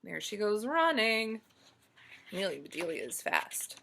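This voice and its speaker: A woman storyteller reading a picture book aloud to children, pausing to ask them questions. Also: mid-range voice, vocal fry, background noise. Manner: slow, animated, asks listeners questions.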